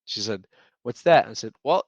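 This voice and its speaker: A man co-hosting a casual podcast about parenting, telling animated stories and acting out his kids' lines. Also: medium pitch, moderate pace, dry recording, highs cut off. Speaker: podcast co-host. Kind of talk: casual chat.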